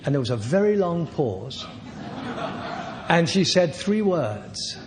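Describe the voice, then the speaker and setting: A man's voice: fairly high pitch, very animated, slow pace, crowd noise. A man in his sixties giving a recovery talk at a convention, rambling and self-deprecating with many hesitations. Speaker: AA speaker. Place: large convention hall. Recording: reverberant hall with faint room noise.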